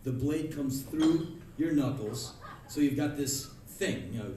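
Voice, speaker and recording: Guy ranting live in a club, sarcastic, yells sometimes, echoey room w/ crowd laughing. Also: fairly high pitch, sing-song, unhurried, distant mic, very noisy. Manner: ranting, sarcastic, acts out quoted people in shouts. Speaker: spoken word performer. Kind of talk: live spoken word monologue. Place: large concert club stage.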